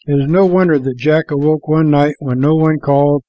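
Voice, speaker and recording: A man's voice: fairly high pitch, steady tone, moderate pace, dark tone, dry recording, low-quality recording. Man reading a storybook aloud, dry sound.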